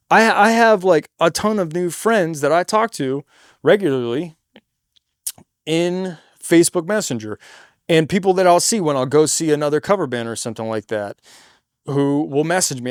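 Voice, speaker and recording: A man with a high, light speaking voice shares stage tips in a relaxed, slangy way, swearing freely. The sound is close and dry. He sometimes bursts into loud stage patter to show how it is done. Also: moderate pace, smooth, dry recording. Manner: demonstrates stage patter by suddenly getting loud. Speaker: singer in a cover band. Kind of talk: casual advice monologue.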